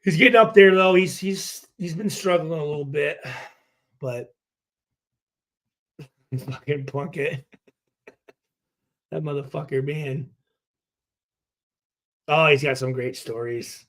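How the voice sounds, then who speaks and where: Profane laughing man on a slow livestream. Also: on the high side, a bit bright. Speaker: livestream host, former player. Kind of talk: casual livestream chat.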